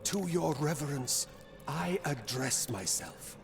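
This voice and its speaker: A man doing a slow gravelly letter reader. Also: a little high, animated, music in the background, heavily acted. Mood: solemn.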